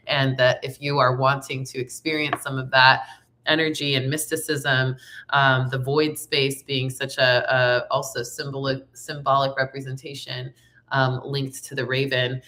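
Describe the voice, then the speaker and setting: A young woman hosts a casual spiritual vlog with a raspy voice, still hoarse after laryngitis. Her tone sits low yet bright and forward, and she talks upbeat, chatty and slangy. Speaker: tarot reader and singer.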